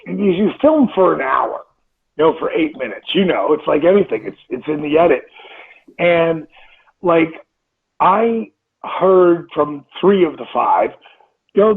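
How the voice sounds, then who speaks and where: Guy in his 50s telling stories, animated and swearing, bit higher voice. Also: creaky, breathy edge. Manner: animated, swearing storyteller acting out quotes. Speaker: interview guest. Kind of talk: storytelling in a casual interview. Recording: tinny phone-line audio.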